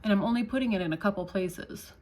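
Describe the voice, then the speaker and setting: A woman's voice: mid-range voice, quick pace, darkish tone. Woman, tutorial host; chatty, reassuring step-by-step makeup demo. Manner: chatty, reassuring, checks in with "okay?". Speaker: makeup demonstrator.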